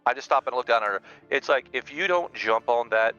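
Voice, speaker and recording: A man's voice: medium pitch, lively intonation, a little fast, sharp tone, smooth, no echo, dull audio, faint music behind. A man playing in a tabletop game, joking and bantering with the game master. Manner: playful, jokey banter. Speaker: player.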